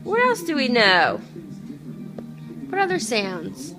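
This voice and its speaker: A woman's voice: a little high, wildly swooping pitch, slow pace, over music. A mother playfully coaxing her young child at home with repeated questions. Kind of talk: casual home video, quizzing a toddler.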